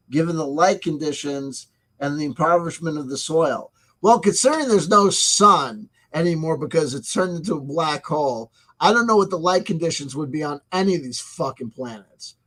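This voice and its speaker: A man's voice: fairly high pitch, fairly bright tone. A man hosting a casual review of a tabletop game supplement. He reads passages aloud and breaks off into sarcastic, profane asides.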